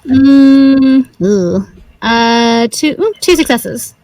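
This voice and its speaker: Slow-talking high-voiced woman player. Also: animated, dark tone, slight background noise. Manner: unhurried, thinking aloud. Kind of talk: casual play chat.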